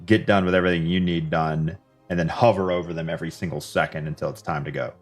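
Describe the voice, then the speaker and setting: A man's voice: sits low, fairly even intonation, quick pace, faint music behind. A man chatting casually as a co-host, bluntly pushing back and questioning. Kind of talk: casual chat.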